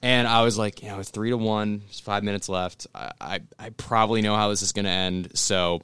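A man telling a story in casual chat with friends, animated and cursing often. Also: on the low side, brisk, hardly any pauses, smooth, no room sound. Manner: animated, swears a lot, laughs through the story.

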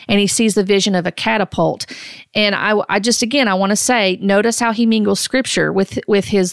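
A middle-aged woman gives earnest, deliberate commentary, often stopping to restart a sentence. Her voice sits at a middle pitch with a gravelly, creaky texture. The sound is dry and close, with no room around it. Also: dry recording. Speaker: host. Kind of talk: critical commentary on prophecy videos.

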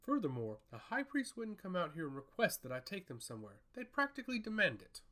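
A man's voice: high-pitched, wildly swooping pitch, a little fast, bright, forceful tone, full character voice. A man voicing a rude, gray-haired ship captain in a storybook reading, speaking in a condescending and dismissive way.

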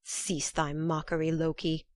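A woman's voice: low-pitched, flat delivery, measured pace, darkish tone, dry recording, studio quality. A woman voicing a proud, hot-tempered male thunder god in a storybook reading. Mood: indignant. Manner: indignant, rough.

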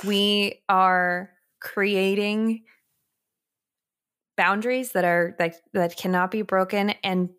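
A woman's voice: mid-range voice, fairly even intonation, takes it slowly, fairly bright tone, clean tone. A woman in her thirties, a mother co-hosting a parenting podcast, speaking earnestly in repeated, list-like phrases. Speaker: podcast co-host. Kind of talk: casual parenting podcast chat.

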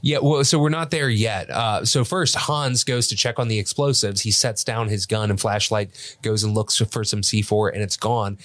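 Man, lowish voice, dry mic, loose recap, frequent swearing, podcast co-host. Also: normal speed, few pauses, fairly bright tone, dry recording. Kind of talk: casual movie discussion.

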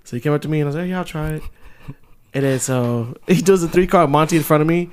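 A man co-hosting a podcast, telling animated personal anecdotes in casual slang and laughing often. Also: fairly high pitch, quick pace, clean tone. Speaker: podcast co-host. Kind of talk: casual chat.

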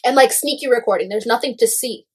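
A young woman in casual gossip chat, animated and full of "like" fillers, swearing freely. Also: a little high, fast, husky.

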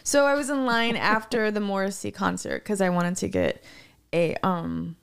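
A woman's voice: mid-range voice, lively intonation, moderate pace, creaky, clean tone. A woman chatting casually as a podcast guest, telling stories full of "like" and laughing often. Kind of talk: casual chat.

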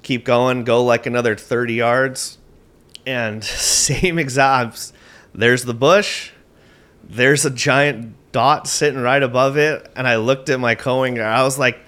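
A man guest on a podcast, telling a tournament fishing story in an animated, excitable way, with lots of "like" and casual swearing. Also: medium pitch, measured pace.

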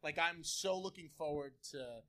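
A man co-hosting a live sports podcast, cracking quick jokes and giving hockey opinions. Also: fairly high pitch, bright, forceful tone. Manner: quick, wisecracking. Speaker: podcast host.

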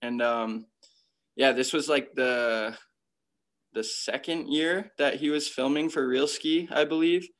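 A man's voice: medium pitch, fairly even intonation, slow, a bit bright. A young man from Connecticut telling stories about his career in a casual interview, full of slang and filler words. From Connecticut, USA. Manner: laid-back slang, constant "like" fillers. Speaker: professional freeskier, interview guest.

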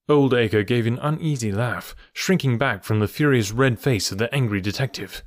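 A man narrating a classic detective story as an audiobook reader, with steady, clear storytelling. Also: mid-range voice, normal speed, hardly any pauses, no room sound, studio quality.

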